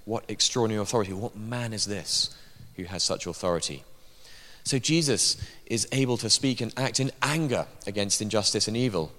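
A man's voice: fairly low pitch, a little fast, fairly bright tone. A man preaching a sermon in a church, emphatic, with dry asides. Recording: long hall reverb.

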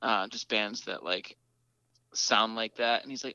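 A man in a relaxed interview chat, rambling with plenty of ums and quick laughs. His voice is bright and forceful. The recording is dry and a bit dull, lo-fi. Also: fairly low pitch, creaky, dry recording. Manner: chatty, laughs often, many fillers and restarts. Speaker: band lead singer, guest.

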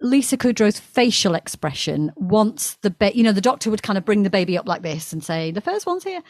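A woman's voice: medium pitch, a little fast, no echo. A woman co-hosting a podcast, chatting casually and thinking aloud about a TV show. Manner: rambling, thinks aloud with restarts. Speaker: podcast co-host.

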